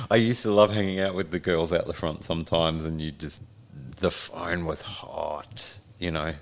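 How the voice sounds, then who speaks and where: A man's voice: low-pitched, a little slow. A man hosting an interview, prompting his guest with friendly questions. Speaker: interview host. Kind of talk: casual interview chat.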